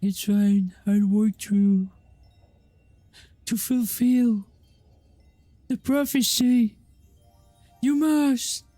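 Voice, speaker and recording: Solemn prophecy spirit, loud and drawn out, a woman doing him, game voice, high for a ghost. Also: steady tone, drawn-out words, long pauses, no echo, faint music behind.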